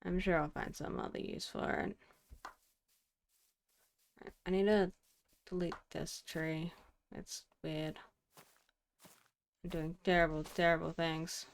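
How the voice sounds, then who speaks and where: A woman's voice: deep voice, fairly even intonation, a little slow, vocal fry, pauses often. A young woman streaming a game, chatting wryly to herself and scolding things in mock indignation. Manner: chatty, wry self-talk, mock-indignant. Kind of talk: casual gameplay commentary to herself.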